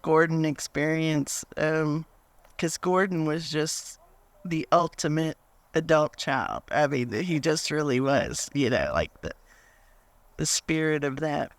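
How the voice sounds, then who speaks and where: A woman's voice: low voice, takes it slowly, dry recording. A woman telling a meandering anecdote as a speaker at a memorial gathering. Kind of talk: storytelling speech.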